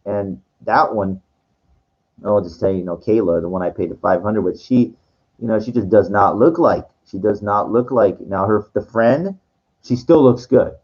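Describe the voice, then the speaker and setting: Rambling man with a low voice. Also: moderate pace, a little mellow, breathy edge. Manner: rambling, many fillers and restarts. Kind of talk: casual storytelling monologue. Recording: dull lo-fi recording.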